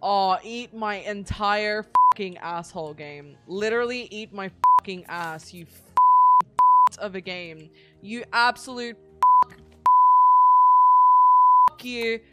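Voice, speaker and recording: A woman's voice: medium pitch, slow pace, loud music behind the voice. A young woman streaming games live, swearing constantly and ranting at the game when it frustrates her.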